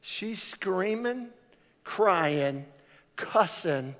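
Extremely slow and high-voiced, an older man delivers a sermon as pastor in a church sanctuary with hall reverb. He jokes and tells stories animatedly, playing the voices of those in them.

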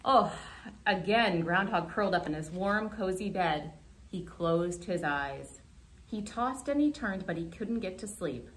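A young woman, a children's librarian, reading a picture book aloud in an animated, expressive way during a remote storytime. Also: on the low side, measured pace, a little hiss or hum.

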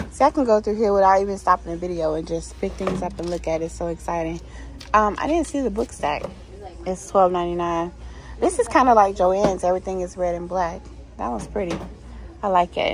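This shop-along vlog features a woman with a medium-pitched voice, captured in a rough recording. She strolls through a store talking casually, raving about holiday decorations and reading signs out loud.

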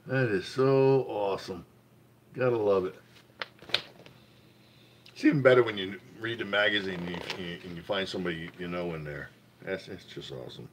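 Over a bit of hiss or hum, a man with a low-pitched voice talks at a moderate pace and pauses often. Hosting a casual livestream, he eagerly shares finds from a magazine, heaps on repeated praise, and greets his chat viewers.

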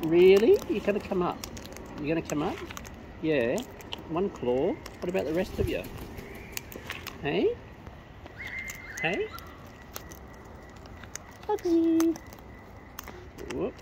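A woman's voice: on the low side, sing-song, normal speed. A woman outdoors feeding wild cockatoos, chatting to them in a playful, teasing baby-talk way. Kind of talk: casual chat to birds. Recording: noisy outdoor recording. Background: bird calls and outdoor ambience.

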